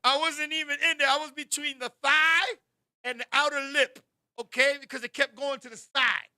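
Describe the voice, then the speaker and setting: A man hosting a talk show, telling a raunchy story in an animated way, bursting into shouts and turning to his co-host again and again. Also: very high-pitched, normal speed, no room sound, clean studio sound.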